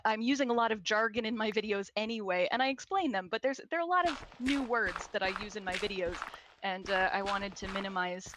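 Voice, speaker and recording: A woman's voice: medium pitch, fairly bright tone, a little hiss or hum, poor audio. A woman from Scotland, an archaeologist, in casual chat, explaining at length with laughs. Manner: chatty and explanatory, with frequent laughs.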